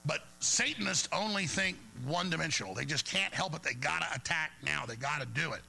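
A man's voice: a little high, expressive, a little fast, gravelly, sharp tone, rough recording. A man hosting a talk radio show, speaking in a heated, rambling monologue that stumbles over repeated words.

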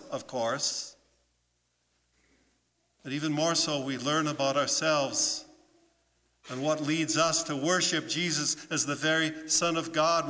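A man preaching as a pastor in a church, telling a story in an animated way and putting questions to his listeners. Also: fairly high pitch. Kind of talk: children's sermon storytelling. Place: church sanctuary. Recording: long church reverb.

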